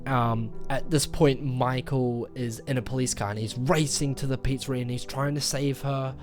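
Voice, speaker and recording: Man, mid-pitched, casual vlog reviewer; loose rambling delivery with fillers, acts out quotes; faint music bed. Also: steady tone, normal speed. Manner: rambling retelling with many fillers, acting out quoted lines. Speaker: movie reviewer. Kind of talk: casual spoken movie review.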